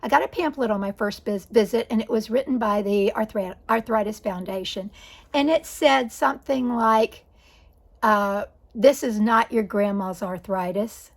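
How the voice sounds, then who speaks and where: A woman's voice: on the high side, moderate pace, gravelly. A woman in her sixties telling a personal story in a conversational, wry way, correcting herself as she goes. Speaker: vlogger.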